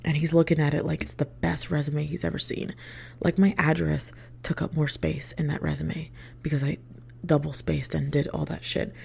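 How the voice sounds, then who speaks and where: A young woman chats through a story about her past in a relaxed storytime way. Her voice sits low and mellow, with a gravelly fry, and she swears freely. She pads her sentences with filler words and often sinks into hushed whispers. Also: moderate pace, slight background noise. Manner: drops into hushed whispered asides. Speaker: vlogger. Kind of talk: casual storytime.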